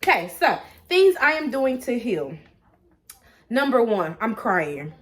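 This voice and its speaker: A woman vlogger talking candidly to her viewers in a chatty, animated way, full of fillers and restarts. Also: a little high, takes it slowly. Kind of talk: casual personal talk to camera.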